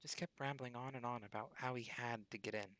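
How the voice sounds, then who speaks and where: A man voicing a grim female dwarf in a video game, speaking in a flat, weary way. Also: mid-range voice, fairly quick, dry recording, natural voice.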